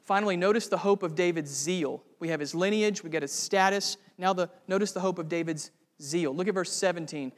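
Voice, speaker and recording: A man's voice: high voice, fairly quick, hardly any pauses, in a large hall. A male pastor preaching a sermon, earnest and building to fervent emphasis.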